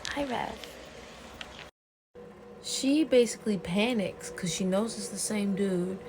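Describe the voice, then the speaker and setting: A woman vlogger in a casual, excitable rant, retelling a webcomic plot with plenty of swearing and outbursts. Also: medium pitch, normal speed, background noise. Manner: excitable and profane, storytelling with gasps and outbursts.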